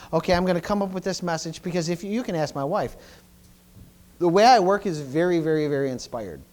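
A middle-aged male pastor preaching a sermon, often stumbling and repeating words, swinging between loud bursts and quiet asides. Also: on the high side.

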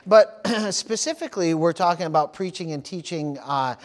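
A man's voice: a little high, normal speed. A man preaching a sermon as pastor, often stopping for amen, praise the Lord and hallelujah, repeating words as he goes. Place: church service.

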